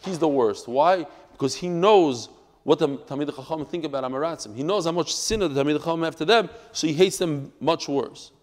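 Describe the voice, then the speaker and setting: This is a man giving a daily Talmud class to people gathered live, animated and emphatic, storytelling as he mixes English with Hebrew and Yiddish terms. He speaks fairly quickly in a slightly high voice, with a long reverb tail behind him.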